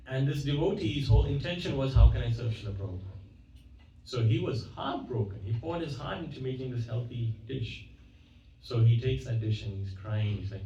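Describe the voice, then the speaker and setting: A man with a mellow, relaxed tone gives a storytelling sermon. He acts out the characters' dialogue in a casual, self-correcting way. He is recorded from a distance in a roomy hall, and the sound is dull and slightly muffled. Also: medium pitch, a little fast, a little hiss or hum. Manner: retells stories, acting out quoted dialogue; conversational, with frequent self-corrections. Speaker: guest speaker at a temple. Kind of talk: devotional lecture with storytelling. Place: temple hall.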